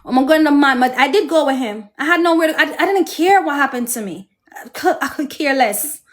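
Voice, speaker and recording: A woman with a Jamaican accent and a high voice tells her viewers about her life. She talks straight to them, emotional and preachy, like a personal testimony. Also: lively intonation, brisk. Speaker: host.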